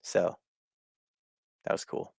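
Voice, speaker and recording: A man's voice: takes it slowly, darkish tone. A man co-hosting a podcast, recapping a wrestling show in casual chat, swearing and doing mocking impressions. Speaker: podcast co-host.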